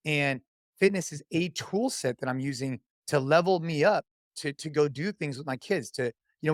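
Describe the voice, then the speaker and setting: A man's voice: on the high side, no echo, clean studio sound. A man in his thirties, a podcast guest, talking casually and with energy, like a fitness coach cheering someone on. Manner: energetic, coach-like, says dude and man a lot. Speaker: podcast guest, CrossFit athlete.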